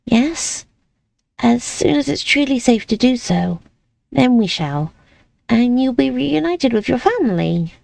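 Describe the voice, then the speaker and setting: A woman's voice: on the high side, very animated, unhurried, gravelly, darkish tone, no echo, voice pushed up, full character voice. A woman voicing a possessive, controlling female caretaker with a cool, insistent, manipulative manner.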